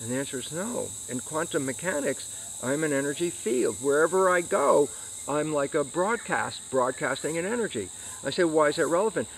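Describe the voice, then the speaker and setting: Animated man explaining science. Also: on the high side, normal speed, creaky, a little hiss or hum, low-quality recording. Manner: animated, acts out questions and answers to himself. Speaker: interview guest, scientist. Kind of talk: explanatory interview answer.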